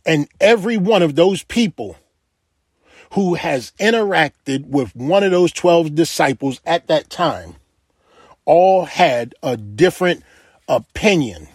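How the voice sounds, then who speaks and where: Male preacher, somewhat high voice, dry close sound, emphatic repetitive sermon cadence. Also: a little mellow, breathy edge, dry recording.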